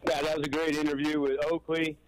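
A man's voice: a little high, little pitch movement, fast, rough recording. A man in his sixties from New York calling in to a sports radio show. He rambles emphatically and often repeats himself. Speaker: caller. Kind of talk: call-in radio chat.

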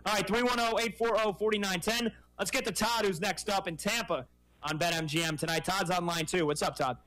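A man hosting a sports talk radio show in a bright, forceful voice pitched a little high. He talks with energy and keeps the conversation moving as he takes calls. The sound is that of a radio broadcast. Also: fairly even intonation, normal speed, rough recording.

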